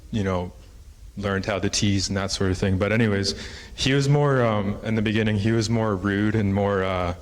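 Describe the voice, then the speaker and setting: A man giving a conference talk in a conference hall tells a traditional story in a lowish, steady voice at normal speed. He wanders through it informally and uses lots of fillers.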